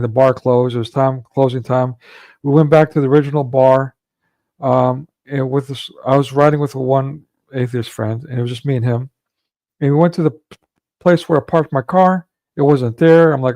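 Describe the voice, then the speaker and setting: A man's voice: mid-range voice, vocal fry, a little mellow, no room sound. A man hosting a livestream, telling a long rambling story in casual chat with frequent restarts and fillers. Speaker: livestream host.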